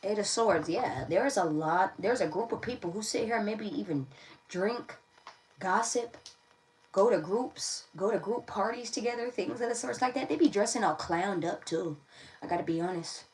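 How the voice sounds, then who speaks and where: A woman's voice: mid-range voice, normal speed. Brief: woman tarot reader on a casual livestream, talkative and repetitive, slightly off-mic with faint background noise. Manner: chatty, repeats phrases, laughs often. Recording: voice a bit distant from the mic.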